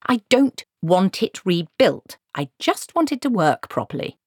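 A stern old witch in a hurry, as a woman narrator puts her on, clipped and demanding. Her lines come short and firm, pitched up from the narration. The sound is dry and close. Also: sing-song, measured pace, dry recording, heavily acted. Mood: impatient.

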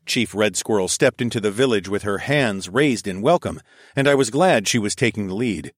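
A man reading a first-person story aloud, expressive and sometimes dropping to a whisper. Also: on the low side, normal speed, no room sound, studio quality. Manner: expressive, shifts into whispers for dialogue. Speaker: audiobook narrator.

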